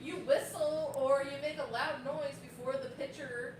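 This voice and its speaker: Chatty woman, casual banter, high voice, lots of filler words. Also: steady tone, measured pace, slight background noise. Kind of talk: casual chat.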